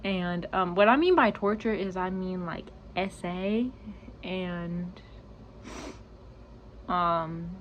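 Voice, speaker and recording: A woman's voice: lowish voice, slow pace, long pauses, dull audio, a little hiss or hum. A young woman telling a personal story to her channel, rambling and filling every gap with "like" and "you know", close to tears. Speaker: vlogger. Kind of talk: storytime vlog.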